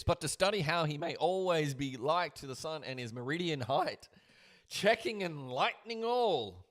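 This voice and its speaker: A man reading a book aloud on a livestream with his own commentary, dramatic and swinging between murmured and loud lines. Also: mid-range voice.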